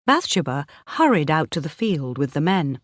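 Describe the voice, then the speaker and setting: A woman narrating an audiobook for English learners, reading slowly, clearly and expressively. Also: low voice, sing-song, no echo.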